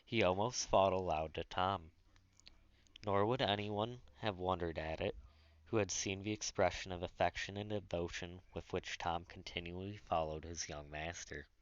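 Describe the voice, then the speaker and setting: Deep-voiced male audiobook narrator. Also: normal speed, smooth, no echo. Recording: dull lo-fi dry recording.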